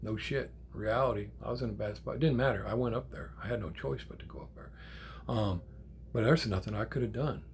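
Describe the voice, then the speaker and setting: An older man, a grandfather, telling a story in a casual, animated way, with swearing and acted-out quotes. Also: fairly low pitch, brisk, vocal fry, slight background noise. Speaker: channel host.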